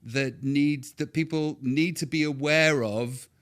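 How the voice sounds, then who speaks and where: A middle-aged man, chatting as a podcast guest, rambling with quick restarts and bursts of excitement. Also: fairly high pitch. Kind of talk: casual podcast interview.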